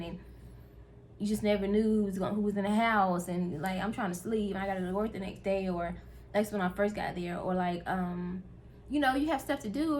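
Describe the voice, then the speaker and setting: A woman's voice: medium pitch, a little hiss or hum. Chatty woman vlogging straight to camera. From North Carolina. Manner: chatty, candid, talks to viewers directly. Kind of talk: casual vlog chat.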